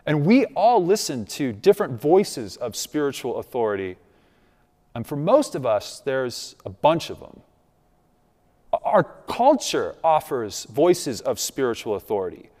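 Preaching in a church sanctuary, a male pastor uses a mellow, medium-pitched voice with big pitch swings, never rushing. He checks in with the congregation conversationally by asking "right?", and a long reverb from the big hall surrounds him.

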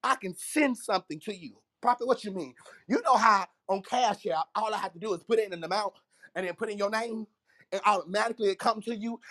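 A man preaches alone into a podcast mic. His voice sits slightly high, and he repeats each phrase several times, breaking into exclamations of praise. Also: brisk, bright, forceful tone. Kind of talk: fervent preaching monologue.

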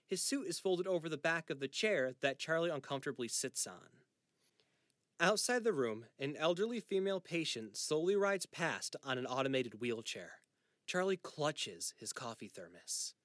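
A male narrator reading a scripted story in an even, descriptive manner. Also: a little high, normal speed, no room sound, clean studio sound.

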